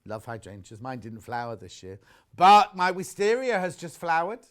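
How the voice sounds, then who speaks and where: A man's voice: a little high, big pitch swings, moderate pace. Chatty man selling on TV. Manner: chatty, gushing over products, reads viewer messages aloud. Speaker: shopping channel presenter. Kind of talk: live TV sales chat. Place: TV studio.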